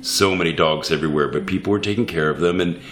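A man's voice: low-pitched, fast, fairly bright tone. A man hosting a casual interview, encouraging his guest with short affirmations. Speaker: podcast host. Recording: echoey room with faint noise.

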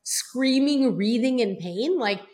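A woman's voice: fairly high pitch, lively intonation. A woman hosting a business podcast, chatting casually and affirming her guest readily before sharing her own family story. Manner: warmly affirming, quick to agree. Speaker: podcast host. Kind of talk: casual interview chat.

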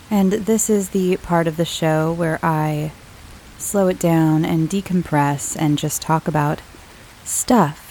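A woman hosting a podcast, chatting to listeners in a rambling way and laughing often, her voice slightly hoarse from a cold. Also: lowish voice, darkish tone, slight background noise, poor audio. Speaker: podcast host. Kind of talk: casual chat to listeners.

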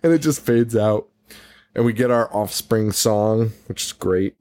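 Brief: young male podcast co-host, casual movie recap, animated, swears a lot, laughs often. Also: on the low side, measured pace. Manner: animated, profane, laughs often, acts out quotes.

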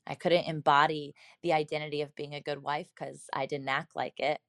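A woman's voice: sits low, little pitch movement, normal speed, a bit bright, no echo, clean studio sound. A woman in her thirties telling a personal story in an earnest, reflective way, speaking directly to her listeners.

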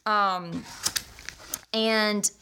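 Chatty woman with gravelly voice. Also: medium pitch, steady tone, extremely slow, bright, forceful tone, slight background noise. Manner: chatty, acts out quoted voices. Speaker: storyteller. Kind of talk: personal storytelling.

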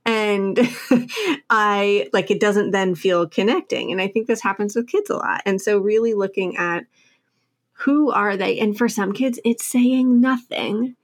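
A woman's voice: mid-range voice, measured pace. A woman in her thirties, a book author, talking candidly and chattily as a podcast guest and laughing often. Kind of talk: casual podcast conversation.

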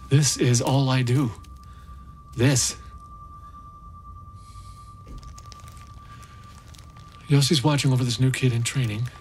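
A man's voice: mid-range voice, fairly even intonation, normal speed, darkish tone, close to an everyday voice. A haunted male rescue volunteer recounts his ordeal in a raw, intense first-person monologue, as an actor plays him. His voice sits in an ordinary middle range, and faint music runs beneath it. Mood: bitter. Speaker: narrator.

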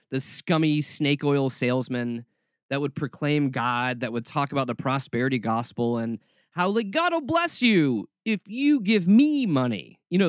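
A man hosting a podcast, giving sarcastic commentary in an animated, mocking way with lots of asides. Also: mid-range voice, no echo, clean studio sound. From American South.

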